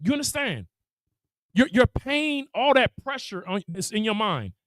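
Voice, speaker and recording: A man teaching a congregation, animated and laughing as he acts out voices. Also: sits high, measured pace, dry recording, rough recording. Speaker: religious teacher. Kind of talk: lively preaching to a congregation.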